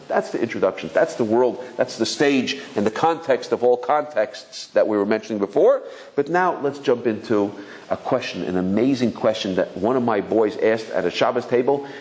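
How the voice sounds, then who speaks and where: A man in his fifties, a rabbi giving a Torah talk, telling stories with lots of restarts and acting out the voices. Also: fairly low pitch. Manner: animated storyteller, acts out voices, many restarts.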